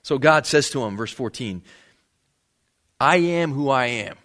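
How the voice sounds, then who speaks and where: A pastor preaches a sermon, reading scripture and explaining it conversationally while acting out the lines of the people in the passage. His voice is medium-pitched and fairly bright, with lively intonation and a measured pace.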